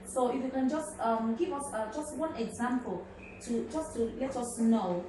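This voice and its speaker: Interview host, woman, fairly high voice, encouraging, mic distant and echoey. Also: normal speed. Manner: encouraging, with many short acknowledgements. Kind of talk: casual interview. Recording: distant and very echoey, with background noise.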